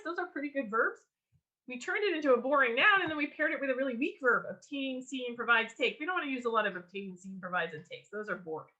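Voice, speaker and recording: A woman teaching a writing workshop over a video call, upbeat and animated, with a voice pitched a little high. Her tone is bright, and she often restarts with an um before carrying on. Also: rough recording. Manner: lively, enthusiastic teaching with frequent ums and restarts. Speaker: workshop leader. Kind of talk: online writing workshop lecture.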